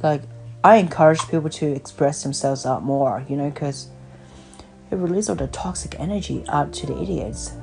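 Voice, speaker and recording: A woman's voice: sits low, normal speed, creaky, a little mellow, faint music behind. A woman hosting a podcast, talking in a rambling, blunt casual chat over the phone and swearing freely. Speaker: podcast host.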